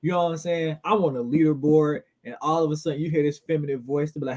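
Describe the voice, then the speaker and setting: A man's voice: a little high, quick pace. A man co-hosting a podcast, telling stories and roasting his friend in loose slangy banter. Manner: animated storytelling, roasting, slangy. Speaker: podcast co-host.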